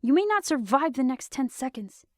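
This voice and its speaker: A woman voicing a fierce young female soldier leader who shouts in frantic urgency in a storybook reading. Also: mid-range voice, big pitch swings, unhurried, vocal fry, dry recording, studio quality.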